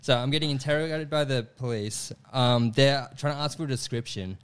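A young man tells a comic story at a relaxed, conversational pace. He laughs often between lines and acts out the voices of the people in it. His voice sits at an ordinary middle pitch. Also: a little fast, smooth. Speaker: comedian guest telling a story. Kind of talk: casual storytelling.

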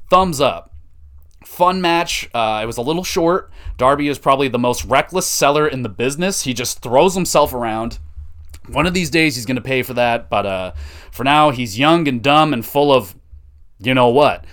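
A man hosting a casual wrestling podcast, talking at an average pitch. He recaps each match with loose, foul-mouthed enthusiasm, piling on "uh", "like" and "dude" between his points. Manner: excited, profane play-by-play with lots of fillers. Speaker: podcast host.

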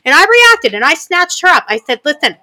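Brash, animated high-voiced woman. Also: fairly quick. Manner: brash, profane and animated, acts out other people's lines. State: wears hearing aids. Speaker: podcast co-host. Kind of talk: casual storytelling chat.

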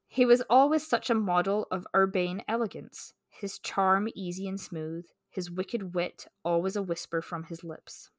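A woman with a slightly low voice co-hosts a casual book chat, full of "like" and "um" between read-aloud passages. Her voice sits close and dry, with no room sound around it. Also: no echo. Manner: chatty, lots of "like" and "um", reads prose smoothly. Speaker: book podcast co-host.

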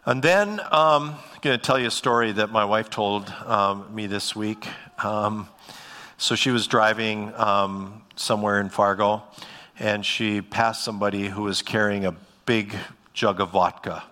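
A man's voice: lowish voice, steady tone, a little slow, bright, forceful tone. A pastor giving a conversational sermon to his congregation, full of ums and restarts. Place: church sanctuary. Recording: long church reverb.

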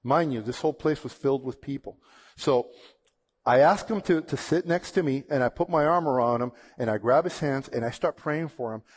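Man telling a lively personal testimony. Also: mid-range voice, moderate pace, slightly rough. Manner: lively, conversational retelling with repeated "and, and" restarts. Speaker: speaker sharing a personal testimony. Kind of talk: casual storytelling testimony.

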